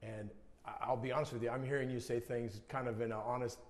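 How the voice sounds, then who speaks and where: An American man, a sports reporter, asking measured, earnest interview questions on TV. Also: medium pitch, level tone.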